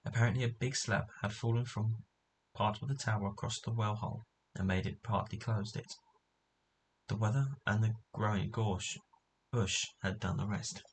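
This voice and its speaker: A man's voice: lowish voice, steady tone, moderate pace, slight background noise, low-quality recording. A man reading a children's book aloud, stumbling now and then and correcting himself as he goes. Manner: unrehearsed reading with slips and self-corrections. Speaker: narrator.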